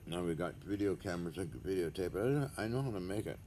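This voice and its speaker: A man's voice: deep voice, expressive, quick pace, mellow. An older man talking to camera in a rambling, blunt, sometimes profane monologue. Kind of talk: rambling casual vlog monologue. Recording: noisy background hiss.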